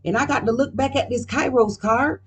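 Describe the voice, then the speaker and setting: A woman's voice: sits high, brisk, husky. A woman doing a casual card reading at home, talking in a profane, emphatic, rambling way. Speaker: card reader.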